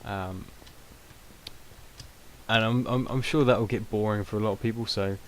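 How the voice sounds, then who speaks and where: A man's voice: lowish voice, steady tone, moderate pace. A young British man giving rambling, self-mocking casual gameplay commentary, with many ums. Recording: noisy home recording.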